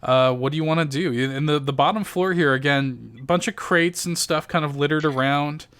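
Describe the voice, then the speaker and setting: Guy running a tabletop game, chatty, lots of uh and like, smooth clear voice. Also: a little high, normal speed, a bit bright. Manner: loose and chatty, many fillers. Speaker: game master.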